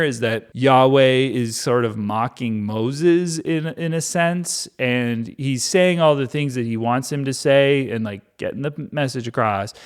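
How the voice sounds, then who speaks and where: A man's voice: mid-range voice, clear, resonant tone. A man hosting a comedic Bible reading, rambling with joking asides and lots of filler words. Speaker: host.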